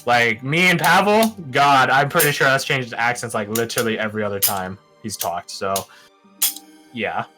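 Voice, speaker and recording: A man chatting casually with his tabletop role-play group, animated and laughing often, with casual swearing. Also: mid-range voice, moderate pace, over music, poor audio. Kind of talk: casual chat.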